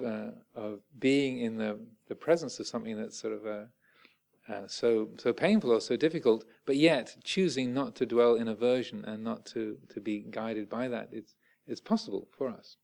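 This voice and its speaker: Creaky-voiced monk giving a talk. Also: male voice, on the low side, darkish tone. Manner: halting, many fillers and restarts. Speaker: Buddhist monk teacher. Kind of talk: dharma talk.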